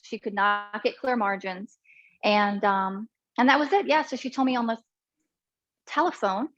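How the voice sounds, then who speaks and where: A middle-aged woman telling her story frankly in an interview, animated and acting out what others said. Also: mid-range voice, normal speed. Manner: frank and animated, acts out others' voices in quotes. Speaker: interview guest. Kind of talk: candid conversational storytelling. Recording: dull lo-fi sound.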